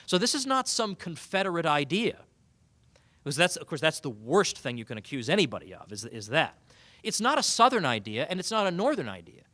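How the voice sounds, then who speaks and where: Guy giving a funny banquet keynote, bright lively voice, sarcastic, dry close sound. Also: fairly high pitch, brisk, dry recording. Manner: animated, sarcastic, mock-quoting opponents. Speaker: keynote speaker. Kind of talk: humorous banquet speech. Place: banquet hall.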